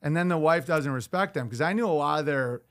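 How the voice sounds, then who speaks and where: Animated comedian guest, slightly high voice. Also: male voice, brisk. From Upstate New York. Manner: loose storytelling, slips into mock voices. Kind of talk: casual podcast conversation. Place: podcast studio.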